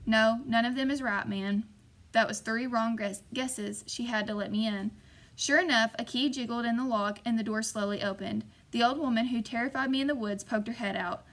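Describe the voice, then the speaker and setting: A woman narrating a story in the first person with measured, suspenseful delivery. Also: on the high side, fairly even intonation, fairly bright tone. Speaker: audiobook narrator.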